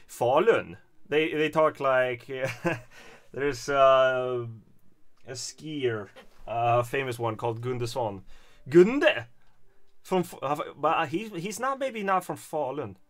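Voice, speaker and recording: A Swedish-accented man streams and chats, his pitch bouncing about while he talks at an unhurried pace. His voice sounds bright, and he rambles hesitantly, chuckling now and then. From Stockholm, Sweden. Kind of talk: casual livestream commentary.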